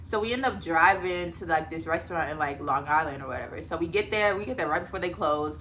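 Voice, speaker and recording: A woman's voice: sits low, fast talker, a bit bright, slight background noise. A young woman in her twenties casually telling a storytime to her viewers, chatty and full of fillers, often addressing them as y'all. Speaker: vlogger.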